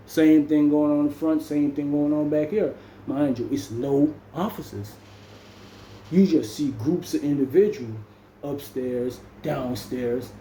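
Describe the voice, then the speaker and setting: A man's voice: fairly high pitch, dark tone, echoey room, slight background noise, rough recording. A man with a Jamaican accent telling a story in casual slang, dropping "man" into nearly every sentence. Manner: slangy, peppers speech with "man". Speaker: storyteller vlogger.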